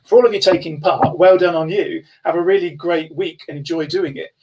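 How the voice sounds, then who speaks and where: A man's voice: on the high side, fairly even intonation, vocal fry, background noise. A man on a video call, enthusiastically reading out names as a guest speaker. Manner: enthusiastic, reads out names in quick bursts. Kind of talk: upbeat live-stream shout-outs. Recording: distant, thin video-call audio.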